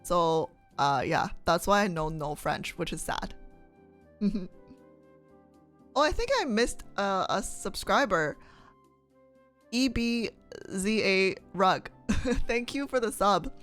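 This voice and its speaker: A woman's voice: mid-range voice, sing-song, slow, long pauses, a bit bright, faint music behind. A young woman streamer chatting casually with her viewers, reading their comments, laughing often and asking them questions.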